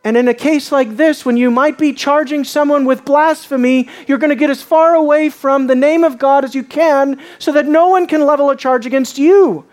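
A woman preaching a sermon, emphatic and dramatic, her voice swelling from quiet explanation up to shouting. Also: high voice, moderate pace, hardly any pauses.

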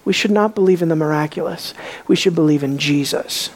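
A woman preaching a sermon, emphatic and full of rhetorical questions, dropping to a hush on key words. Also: sits low, brisk.

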